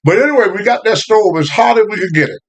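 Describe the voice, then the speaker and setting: An older man, telling family stories in a casual, animated way, often laughing. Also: high-pitched, quick pace. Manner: animated, laughing, Southern US phrasing. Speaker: guest storyteller. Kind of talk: casual storytelling.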